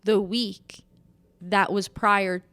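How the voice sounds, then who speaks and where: A woman's voice: mid-range voice, fairly even intonation, very slow, a bit bright. A young adult woman co-hosting a casual podcast chat, blunt and swearing freely. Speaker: podcast co-host.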